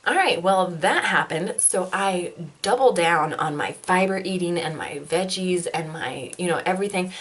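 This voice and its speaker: Candid woman telling an embarrassing story. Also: lowish voice. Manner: candid, self-deprecating, laughs through the story. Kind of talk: personal testimonial story.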